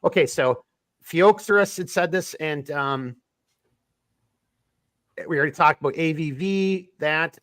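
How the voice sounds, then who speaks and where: A man's voice: fairly high pitch, unhurried, long pauses, a bit bright, no echo, studio quality. A man hosting a live podcast, reading chat comments and rambling with many restarts. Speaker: podcast host. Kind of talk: casual live-stream chat.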